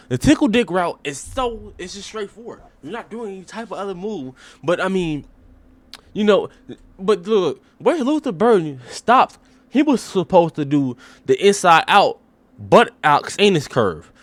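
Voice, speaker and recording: A man's voice: high voice, sing-song, moderate pace, no echo. A man hosting a comic sports breakdown, rambling and profane in a mock-serious way. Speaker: host.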